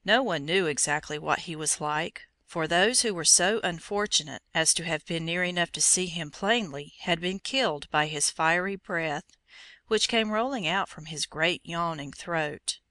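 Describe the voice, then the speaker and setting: A woman reading an old fairy tale aloud in a measured, expressive storytelling manner. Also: on the low side, dry recording. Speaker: narrator.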